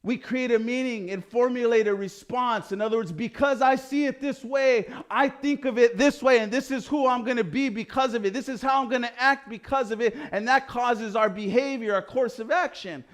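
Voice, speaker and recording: A man with a strikingly high voice leads a personal development lesson. He talks in a loose, conversational way, dropping slang now and then. He acts out little quotes as he explains. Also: normal speed, hardly any pauses. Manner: animated storytelling with acted quotes and casual slang. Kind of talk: motivational lecture.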